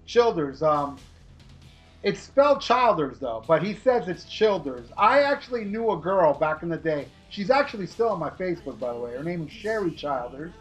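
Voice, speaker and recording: A man's voice: a little high, very animated, moderate pace, lo-fi sound, soft background music. Rambling, joking male podcast host. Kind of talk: casual music review chat.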